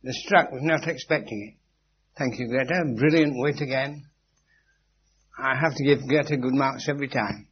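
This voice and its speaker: A man's voice: medium pitch, moderate pace. A man giving an informal philosophical lecture to a live group. He speaks in an emphatic, instructive way, with dry witty asides and repeated key phrases. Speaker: spiritual teacher lecturing a group. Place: meeting room with a live audience. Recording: muffled 1980s lecture tape with faint hum.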